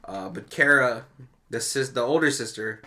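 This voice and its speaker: Bright-voiced man recapping a movie. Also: medium pitch, moderate pace. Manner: animated storytelling with frequent laughs. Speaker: podcast co-host. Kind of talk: casual movie commentary chat.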